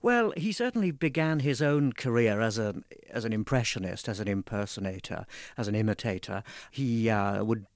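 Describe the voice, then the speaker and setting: A low-voiced man speaks as a biographer, thoughtful and pausing with small fillers. The recording is dry and close. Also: expressive, dry recording. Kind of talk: interview.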